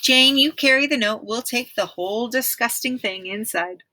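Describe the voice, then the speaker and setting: A woman's voice: fairly high pitch, moderate pace, bright, forceful tone, dry recording, voice pushed up. A scornful bossy older boy, as a woman reader puts him on. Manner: dismissive, curt.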